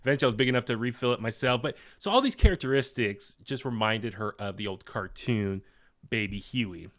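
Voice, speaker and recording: A man's voice: mid-range voice, a little fast. A young man as a podcast guest, telling a long story in a rambling, casual way with many fillers and restarts, acting out the voices of the people in it. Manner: acts out quoted voices.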